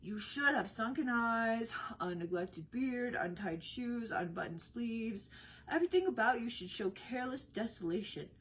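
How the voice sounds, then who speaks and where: A playful young heroine hiding in disguise, as a woman reads her aloud. She bubbles with eager questions and teasing, her tone bright with a soft breathy edge. It sounds like a storybook read aloud. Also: a little high, lively intonation, low-quality recording. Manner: eager, rapid-fire questioning.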